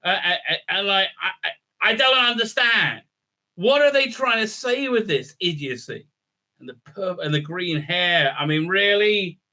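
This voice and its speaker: Bright, rambling sarcastic male reviewer. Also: high voice, expressive, unhurried. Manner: rambling and sarcastic, many fillers, acts out scenes in silly voices. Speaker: TV episode reviewer. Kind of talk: casual episode recap and review.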